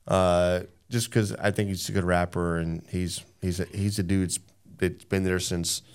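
An animated man chatting on a podcast, his voice sitting a little low. He presses his points hard and circles back over his own words. It sounds like a studio mic. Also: unhurried, clear, resonant tone. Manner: animated, emphatic, repeats himself. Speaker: podcast co-host. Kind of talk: casual chat.

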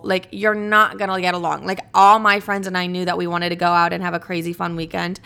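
Chatty, profane young woman podcaster, smooth voice. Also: lowish voice, little pitch movement, brisk, few pauses, pushed and bright. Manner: chatty, profane, playful, says "like" a lot. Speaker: podcast host. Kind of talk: casual solo podcast monologue.

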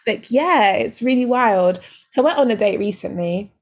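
A woman's voice: a little high, moderate pace. A woman co-hosting a casual podcast chat, animatedly telling stories and acting out quoted lines. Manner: animated storyteller, acts out quoted dialogue. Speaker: podcast co-host.

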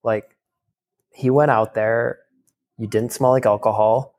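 A man with a mid-pitched voice tells a long personal story in a loose, rambling way. He leans on "like" constantly and swears casually. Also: steady tone, takes it slowly, a little mellow. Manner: rambling, heavy use of "like".

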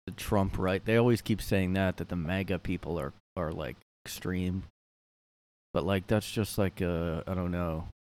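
Rambling low-voiced man, solo podcast. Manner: rambling, filler-heavy, sardonic. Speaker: podcast host. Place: his room.

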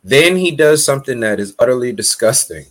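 A man chatting casually as a podcast host, animated and profane, laughing often and acting out quotes. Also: mid-range voice, brisk. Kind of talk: casual recap chat.

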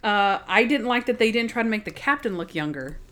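A woman co-hosts a podcast, chatting casually about TV episodes. She talks in an animated way with plenty of filler words. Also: on the high side, fairly quick. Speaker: podcast co-host. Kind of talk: casual chat reviewing TV episodes.

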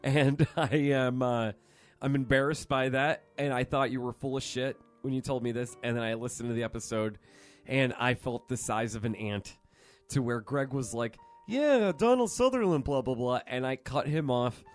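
A man's voice: mid-range voice, fairly even intonation, normal speed. A man co-hosting a podcast, chatting casually and poking fun at himself, with piano playing behind. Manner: self-mocking, laughing. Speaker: podcast co-host. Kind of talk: casual banter. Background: piano music.

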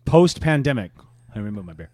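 A man's voice: mid-range voice, big pitch swings, brisk, darkish tone, no echo, clean studio sound. A young man co-hosting a casual podcast, teasing his friend and quoting people in put-on voices. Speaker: podcast co-host. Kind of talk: casual chat.

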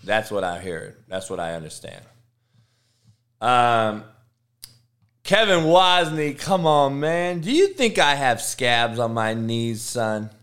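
A man, a football coach on a livestream, answering chat with profane, confrontational rants that swing from low mutters to loud, high tirades. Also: takes it slowly. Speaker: football coach streaming live.

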